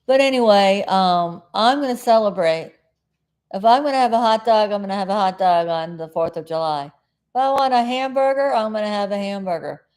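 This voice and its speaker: A woman's voice: medium pitch, animated, moderate pace, a little mellow. A middle-aged woman from South Florida hosting a casual live stream, chatting in a meandering way and often losing her train of thought.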